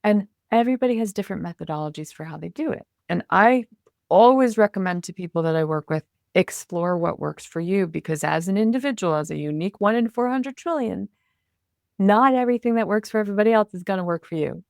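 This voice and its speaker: A woman guest on a podcast, a communication coach talking in an animated, expressive way and acting out her inner self-talk. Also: medium pitch, fast, creaky, dry recording, clean studio sound. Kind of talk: conversational interview.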